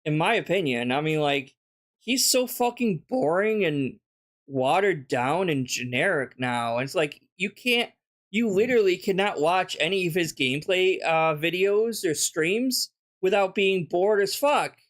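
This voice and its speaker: Male streamer, somewhat high-pitched, blunt and sneering in casual commentary. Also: expressive, a little slow, fairly bright tone. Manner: blunt, mocking, swears often. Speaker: streamer reacting to a video.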